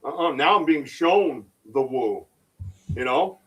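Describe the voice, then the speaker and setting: A man hosting a casual podcast livestream about Bigfoot research, talking in an excitable, rambling way with many restarts. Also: fairly high pitch, unhurried, distant mic, low-quality recording.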